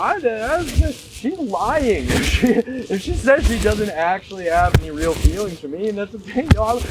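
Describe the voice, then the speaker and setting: A man's voice: extremely high pitch, recorded from a distance. A young man ranting casually to the camera in a rambling, emphatic way, often laughing between phrases and saying "y'all". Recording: noisy background.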